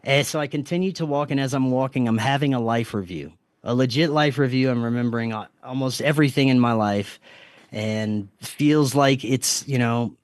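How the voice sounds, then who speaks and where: A man's voice: medium pitch, moderate pace, no echo. A man, a podcast guest, earnestly retelling a strange experience with restarts and quoted self-talk. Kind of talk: storytelling in casual interview.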